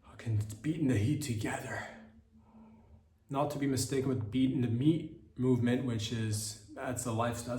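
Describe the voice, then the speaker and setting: A man's voice: mid-range voice, darkish tone, roomy sound, slight background noise. A man hosting a comedy podcast, delivering a rambling mock-motivational monologue with silly quoted voices. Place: hot indoor room.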